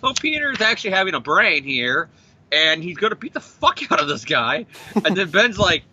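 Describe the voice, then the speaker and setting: Animated, bright-voiced ranting man. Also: sits high, normal speed, muffled recording, slight background noise. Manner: profane, animated, jokey ranting. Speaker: comic book podcast co-host. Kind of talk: casual comic review chat.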